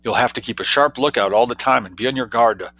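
A man reading an audiobook, voicing a chatty, excitable young society woman who asks eager questions in a raised voice. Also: medium pitch, fast talker, voice pushed up.

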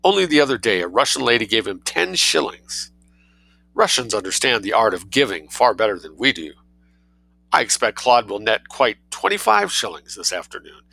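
A man's voice: on the low side, sing-song, normal speed, vocal fry, bright, forceful tone, full character voice, poor audio. A man reading aloud, voicing a prim, calculating young girl who haggles with cold dignity. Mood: chatty scheming. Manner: cold dignity, coolly mercenary.

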